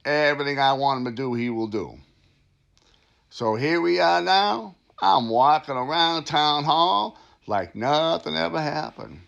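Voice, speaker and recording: A man's voice: on the high side, measured pace, vocal fry, a bit bright, lo-fi sound. A man playing a smug, boastful, crooked town official who brags about himself and laughs at his own lies. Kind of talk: satirical comedy monologue.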